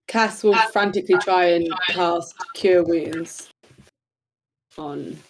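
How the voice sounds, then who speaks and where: A woman's voice: lowish voice, steady tone, slow, noisy background. A woman playing in a tabletop game, asking urgent, restless questions about what is happening. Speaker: player. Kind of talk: casual tabletop play.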